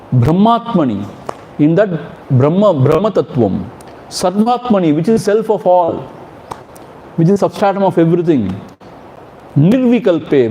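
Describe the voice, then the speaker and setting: A man, a spiritual teacher, chanting Sanskrit verses slowly and explaining them in a gentle, fatherly way. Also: a little high, slight background noise, poor audio. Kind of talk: scripture commentary talk.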